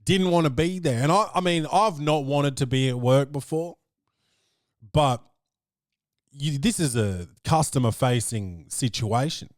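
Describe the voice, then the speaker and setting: A man hosting a comedy podcast, telling a story in an animated, ranting way full of swearing. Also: medium pitch, a little slow, no room sound, studio quality. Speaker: podcast host. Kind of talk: comic storytelling.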